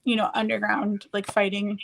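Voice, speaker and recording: A woman's voice: mid-range voice, monotone, moderate pace, vocal fry, low-quality recording. A woman chatting casually while doing her makeup on a stream, rambling and searching for words as she goes.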